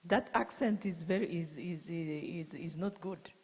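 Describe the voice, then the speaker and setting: A woman's voice: lowish voice, breathy edge. Kenyan lady with kalenjin accent chairing a conference session, stops and restarts a lot, hall reverb. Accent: Kenyan English, Kalenjin. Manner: halting, many restarts and fillers. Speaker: session moderator. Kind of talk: conference Q&A moderating.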